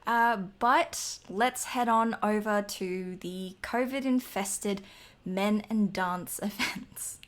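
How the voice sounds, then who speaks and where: A woman's voice: mid-range voice, slow. A young woman co-hosting a podcast in casual chat, chatty and emphatic, laughing often. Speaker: podcast co-host.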